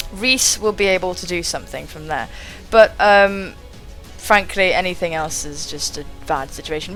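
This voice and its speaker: Young woman, bright animated commentary, excitable and sweary, faint game music behind. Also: fairly low pitch. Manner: excitable, swears casually, thinks aloud. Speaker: gaming channel host.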